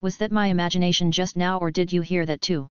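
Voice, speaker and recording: A woman's voice: on the low side, steady tone, fast, darkish tone, clear, resonant tone, dry recording, natural voice. A woman reading as a puzzled young man. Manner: plain questioning speech. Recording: dull lo-fi audio.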